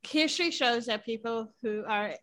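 A woman's voice: a little high, normal speed, fairly bright tone. A woman interviewing an actor in a chatty way, laughing easily and using many fillers. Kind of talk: casual interview chat.

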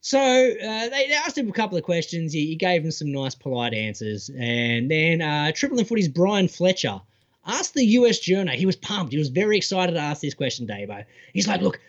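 Australian male podcast co-host, high and animated, sweary mocking storyteller, muffled lo-fi audio. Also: a little fast. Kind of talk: casual podcast chat.

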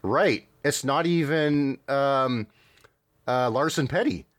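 A man's voice: mid-range voice, slow pace, dry recording, studio quality. A man co-hosting a podcast in casual chat, describing a video clip in a wry, chuckling way with frequent fillers. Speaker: podcast co-host.

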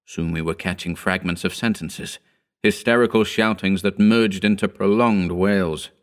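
A man narrating a horror story in a slow, grave, deliberate reading. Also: sits low, fairly even intonation.

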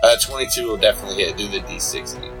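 A man narrating as game master, relaxed and chuckling, with plenty of fillers. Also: on the low side, racing, vocal fry, over music, low-quality recording.

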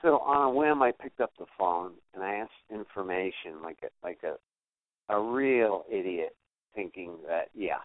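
With a low-sitting voice and a slightly slow delivery, an older guest musician spins stories during a relaxed interview. He animatedly plays the characters he describes, and the recording sounds dry and phone-like.

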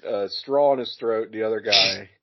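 A man's voice: fairly low pitch, normal speed, very noisy. A man guesting on a podcast, rambling with dry jokes and lots of fillers. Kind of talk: casual live-watch chat. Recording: dull lo-fi sound.

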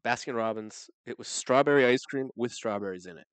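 A man's voice: medium pitch, clear, resonant tone, dry recording. A man co-hosting a podcast in casual chat, playful and jokey. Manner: playful, jokey, quick to laugh.

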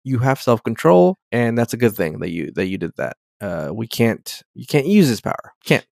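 A man's voice: mid-range voice, sing-song, moderate pace, creaky, a little mellow, no echo. Guy doing a starship captain talking like a bro, mildly annoyed, swears, dry sound. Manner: casual slang, swearing.

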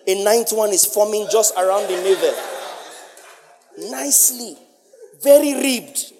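A male preacher delivering a sermon, emphatic and playful, swinging from loud outbursts to hushed lines. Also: sits high, unhurried, a crowd in the background, background noise. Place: church hall. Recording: long reverb of a large hall.

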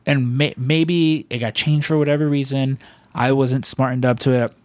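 Man, casual chat, rambling, mid pitch, dry close mic. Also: fairly even intonation, normal speed, no room sound. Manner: rambling, restarts a lot, laughs while telling.

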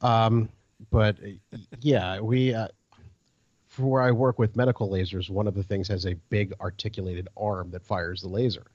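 A man with a low voice co-hosts a podcast in casual chat, making wry, dry jokes. His dull, lo-fi microphone sounds muffled and dry. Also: fairly even intonation, moderate pace, a little mellow, dry recording.

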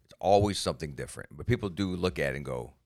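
A man co-hosting a casual podcast, telling animated stories and jumping into quoted voices. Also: very deep voice, quick pace. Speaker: podcast co-host and comedian.

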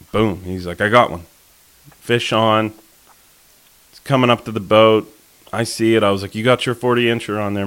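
A man with a very low voice tells a fishing tale in a loose, rambling chat. He wanders through fillers and restarts as he goes. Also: fairly bright tone, clear, resonant tone. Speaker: podcast co-host telling a fishing story. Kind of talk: casual storytelling chat.

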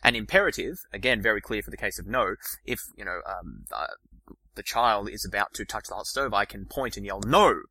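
A fast-talking man hosting an explanatory podcast, his lowish voice bright and forceful. He explains ideas in a lecture style with plenty of restarts, recorded close and dry. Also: no echo, low-quality recording. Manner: fast, animated explaining with many restarts and fillers. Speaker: podcast host.

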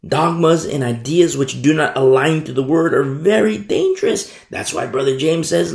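A man's voice: on the high side, moderate pace, vocal fry, few pauses, darkish tone, reverberant. A man preaching a sermon, repeating key phrases and asking emphatic rhetorical questions. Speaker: pastor.

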